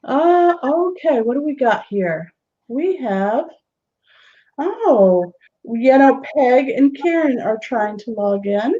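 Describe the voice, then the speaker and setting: A woman's voice: high voice, animated, slow pace, dark tone. A woman hosting a live online show, chatting casually and laughing often. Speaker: host. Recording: dull lo-fi web stream audio.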